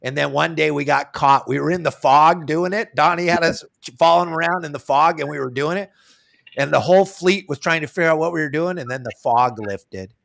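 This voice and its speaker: A middle-aged man and sportfishing captain, telling an excited fishing story and acting out the dialogue. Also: on the high side, a little fast, vocal fry. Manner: animated, acts out the dialogue.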